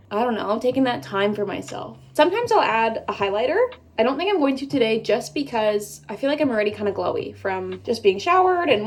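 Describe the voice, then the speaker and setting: A woman's voice: a little high, a little hiss or hum. A woman in her twenties from Canada, chatting casually to viewers while doing her makeup, bubbly and full of rambling asides. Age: 20s. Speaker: beauty vlogger. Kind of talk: casual get-ready-with-me chat.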